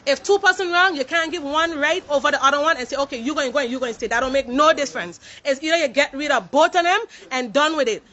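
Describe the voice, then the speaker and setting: Barely pausing, a woman who works in a warehouse rushes through an impassioned protest to camera in a high, pushed, bright voice. Indignant and emphatic, she mixes French into her English mid-sentence. The audio sounds dull.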